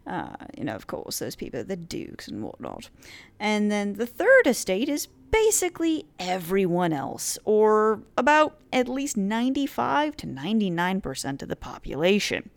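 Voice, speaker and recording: A woman's voice: medium pitch, wildly swooping pitch, normal speed, creaky. A woman hosting a history series, explaining events in a casual, chatty lecture with playful asides and frequent filler words. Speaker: history podcast host.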